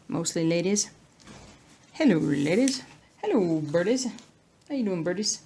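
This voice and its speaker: A woman from the United States chatting casually at home while she stitches, rambling along and now and then dropping into soft whispers. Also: fairly low pitch, animated, measured pace, creaky, pauses often, husky. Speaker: cross-stitch vlogger.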